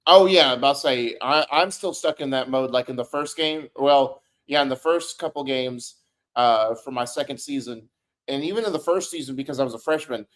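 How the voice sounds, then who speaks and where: A man's voice: medium pitch, a little fast, a bit bright. A man co-hosting a podcast who chats casually about video games in an upbeat way, often acting out quotes. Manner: chatty, upbeat, acts out quotes. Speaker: podcast co-host.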